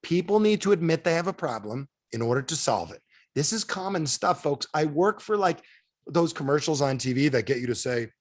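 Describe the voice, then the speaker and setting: A man running a sales training over a video call, animated, firing questions at his audience and acting out quotes in a higher voice. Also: a little fast. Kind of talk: energetic coaching talk.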